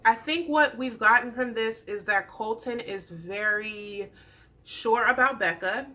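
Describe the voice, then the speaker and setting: A young adult woman chatting through a casual TV recap, animated and acting out the people she describes. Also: mid-range voice. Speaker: YouTube TV recap host.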